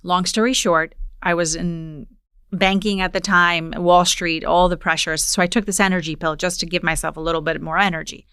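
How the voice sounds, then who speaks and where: Low-voiced woman telling a story. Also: moderate pace, clean tone, no room sound, clean studio sound. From Poland. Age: 40s. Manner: storytelling, animated retelling. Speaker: podcast host. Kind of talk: casual conversation.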